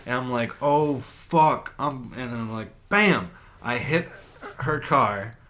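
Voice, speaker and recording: A man co-hosting a podcast, telling a story in casual chat, animated and swearing a lot as he acts out his own reactions. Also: mid-range voice, a little slow. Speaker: podcast co-host.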